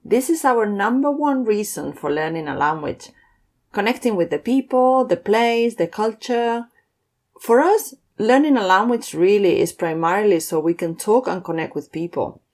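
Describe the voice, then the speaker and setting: A woman teaching beginner phrases in a scripted lesson, slowing down to model each phrase clearly. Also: medium pitch, lively intonation, darkish tone. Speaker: language teacher.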